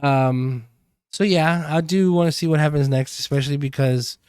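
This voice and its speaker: A man's voice: fairly high pitch, moderate pace, darkish tone, clean tone, no echo, clean studio sound. A man co-hosting a podcast, casually recapping a TV episode with rambling asides and many "um"s. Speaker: podcast co-host.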